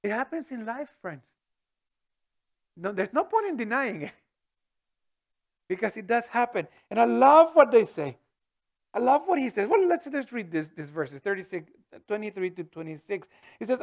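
High-voiced preaching man. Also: normal speed, long pauses. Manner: animated preaching with rhetorical questions and sudden loud outbursts. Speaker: pastor. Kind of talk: sermon.

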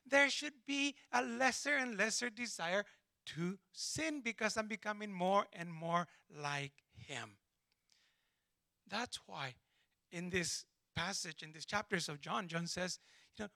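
A man preaching a sermon, telling stories and acting out the dialogue with lively emphasis. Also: sits high, dry recording. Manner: animated storytelling, acts out dialogue. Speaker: pastor.

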